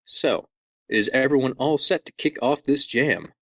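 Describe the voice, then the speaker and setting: A man hosting a podcast in a casual, jokey way, walking listeners through things with lively asides. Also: medium pitch, measured pace, no room sound, highs cut off. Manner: jokey, animated, over-explaining. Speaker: podcast host.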